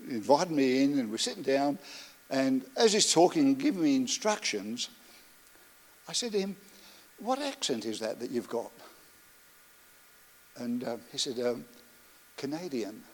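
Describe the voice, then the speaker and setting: A middle-aged man preaching a sermon as pastor, building rhythmic lists and telling stories in a gentle, reflective way. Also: mid-range voice, big pitch swings, measured pace. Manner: storytelling, rhythmic lists, soft reflective asides.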